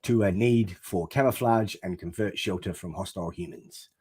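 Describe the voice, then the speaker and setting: Husky low-voiced man reading aloud. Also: a little mellow, no room sound. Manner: reads text aloud haltingly, stumbling over words. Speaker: podcast co-host. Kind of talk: casual chat, reading aloud.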